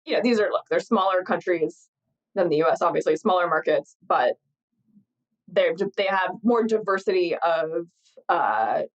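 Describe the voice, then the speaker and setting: A woman's voice: on the low side, lively intonation, moderate pace. Tired, chatty woman podcast host. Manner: chatty, rambling, laughs often. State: tired, jet-lagged. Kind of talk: casual chat. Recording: slightly dull lo-fi sound.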